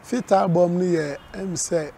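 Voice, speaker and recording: A man's voice: sits high, measured pace, mellow, slight background noise. A middle-aged Ghanaian man, a gospel musician and reverend, chatting in an interview and breaking into snatches of song. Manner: breaks into singing his song lines. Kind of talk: casual interview chat.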